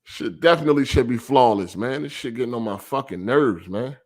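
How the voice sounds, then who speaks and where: A man's voice: medium pitch, animated, a little fast. A man hosting a livestreamed gaming podcast, ranting with heavy profanity and reading viewer super chats aloud. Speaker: podcast host.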